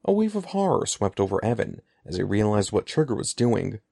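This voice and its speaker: Male audiobook narrator, gravelly and lively, dramatic delivery, dry close mic. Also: lowish voice, normal speed, few pauses, no room sound. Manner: expressive, dramatic reading. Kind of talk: audiobook storytelling.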